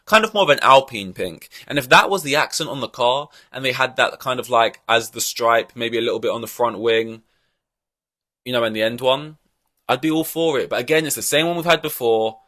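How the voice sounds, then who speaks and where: A man's voice: mid-range voice, fairly quick, pushed and bright, dry recording, studio quality. A man hosting a podcast, giving blunt, profane opinions in a rambling, casual way. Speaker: podcast host. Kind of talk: casual ranting podcast chat.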